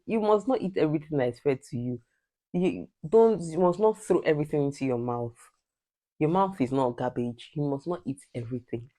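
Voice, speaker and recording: A woman's voice: deep voice, brisk, dark tone. Emphatic Nigerian woman giving advice. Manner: direct, preachy, emphatic repetition. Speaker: vlogger. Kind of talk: casual advice vlog.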